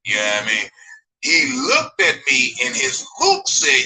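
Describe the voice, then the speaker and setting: A man's voice: wildly swooping pitch, a little slow, bright, forceful tone, slight background noise, rough recording. A man telling a rambling, profane story in a livestream rant, acting out both sides of a conversation. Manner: retells exchanges in a raised, pitched-up voice.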